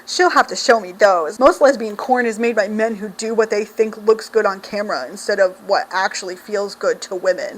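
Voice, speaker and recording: A woman's voice: mid-range voice, moderate pace, hardly any pauses, low-quality recording. A woman reviewing a book, summarizing it and reading passages aloud, with sarcastic, exasperated asides. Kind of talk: snarky book review with read-aloud excerpts.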